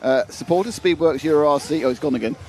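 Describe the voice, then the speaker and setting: A man's voice: on the high side, fast talker, a little mellow, a little hiss or hum. A British man co-hosting a racing live stream, chatty and self-mocking, often laughing. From United Kingdom. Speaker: race stream co-commentator. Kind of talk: casual live-stream chat.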